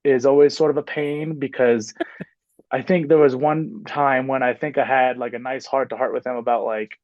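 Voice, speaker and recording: This basketball coach in his twenties talks at a normal speed in a steady, medium-pitched, slightly mellow voice. He's a podcast guest in a casual interview, wandering through his points with frequent fillers and false starts. There's no room sound, and the audio is muffled.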